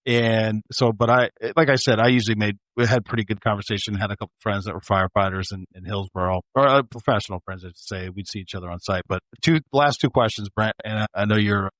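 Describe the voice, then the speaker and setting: A male podcast host speaks quickly and bluntly, swearing casually as he chats and steers toward his next question. His voice is dry and close, with no room sound. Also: lowish voice, a bit bright, dry recording. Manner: quick, blunt, profane, talks over others. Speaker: podcast host, former police officer. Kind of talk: casual interview chat.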